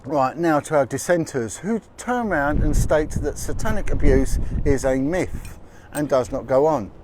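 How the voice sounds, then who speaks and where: A man's voice: fairly high pitch, expressive, normal speed. A man hosting a casual livestream outdoors, chatting with asides as he reads out figures. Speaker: livestream host. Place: outdoors in windy street. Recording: noisy outdoor street recording. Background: wind, traffic and street noise.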